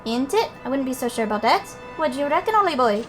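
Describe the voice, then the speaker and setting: Cheeky little Welsh fairy lad, put on by a woman, high-voiced and blunt, game sidekick. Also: sing-song, fast talker, faint music behind. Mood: coaxing. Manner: chatty, blunt, folksy.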